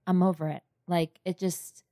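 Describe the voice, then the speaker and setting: A woman's voice: on the low side, little pitch movement, moderate pace, dark tone, no echo, studio quality. A woman co-hosting a podcast in casual chat, blunt and swearing freely. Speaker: podcast co-host.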